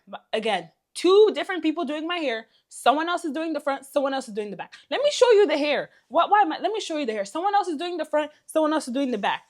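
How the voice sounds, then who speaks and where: High-voiced exasperated woman telling a story. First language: not English. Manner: exasperated, animated retelling. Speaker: vlogger. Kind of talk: storytime vlog.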